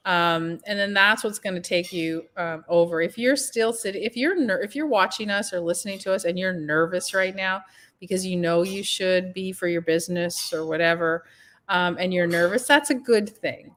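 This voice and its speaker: A woman's voice: mid-range voice, normal speed, fairly bright tone. A woman co-hosting a podcast in casual chat, talkative and encouraging, laughing often. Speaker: podcast co-host.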